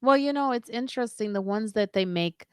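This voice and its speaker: A woman comedian co-hosting a podcast, chatting casually and telling stories in an animated way with frequent laughter. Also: a little high, brisk, clean tone, no room sound, clean studio sound. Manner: animated storyteller, laughs often. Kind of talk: casual chat.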